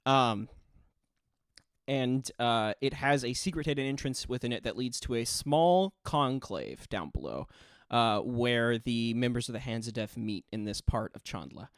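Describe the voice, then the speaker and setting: A man's voice: medium pitch, lively intonation, unhurried, dry recording, clean studio sound. A man running a tabletop role-playing game, describing scenes in loose narration full of fillers. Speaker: game master.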